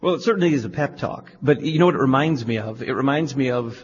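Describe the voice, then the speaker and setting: A man's voice: medium pitch, fast, slight background noise. A male radio talk show host giving pointed, lecturing religious commentary. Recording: lo-fi studio with reverb.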